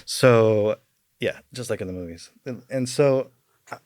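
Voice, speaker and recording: A man's voice: on the low side, measured pace, a little mellow, no room sound. A man, a podcast guest, telling a long personal story in casual talk, rambling with many fillers and chuckling as he goes.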